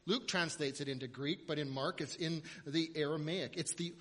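Male pastor, high and bright, animated sermon delivery. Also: moderate pace, reverberant, long reverb tail. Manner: animated storytelling preacher, builds to loud emphatic runs.

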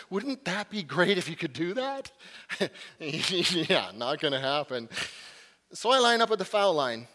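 A pastor with a fairly high male voice tells a story from the pulpit, swinging between lively bursts and hushed, quiet passages. His voice rings out with a long hall reverb behind it. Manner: animated storyteller, dropping to a hushed voice for calm moments. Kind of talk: sermon storytelling.

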